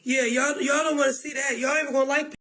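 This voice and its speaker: High-voiced woman close to tears. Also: steady tone, a little fast, a bit bright, rough recording. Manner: pleading, repetitive. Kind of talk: emotional livestream talk.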